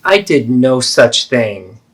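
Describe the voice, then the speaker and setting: A man voices a middle-aged mother during a therapeutic role-play: defensive and self-pitying, she dodges blame and lays on guilt, her pitch lively and swooping. She sounds wounded and evasive throughout, speaking at a slow pace.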